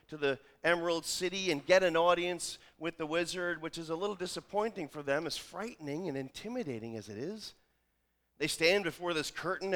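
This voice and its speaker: A man's voice: fairly high pitch, a bit bright. A male pastor preaching a sermon, retelling a familiar film story with wry humorous asides.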